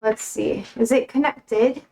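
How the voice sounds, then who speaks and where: A woman's voice: a little high, steady tone, takes it slowly, creaky, a little mellow, low-quality recording. A young woman livestreaming from her kitchen, chatting casually and rambling between talk to her pets. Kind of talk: casual chat while cooking.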